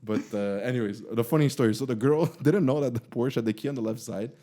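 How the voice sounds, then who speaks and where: A young man, hosting a podcast and telling a story in a casual, animated way, full of fillers. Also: medium pitch, fast talker. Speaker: podcast host.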